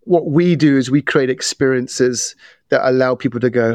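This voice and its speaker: A middle-aged man, a guest on a podcast, explaining how people's biases work in an animated way, telling stories and often restarting his sentences. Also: mid-range voice, normal speed, dry recording, clean studio sound. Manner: animated storyteller with repeated restarts. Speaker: podcast guest, bias trainer. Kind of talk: casual interview talk.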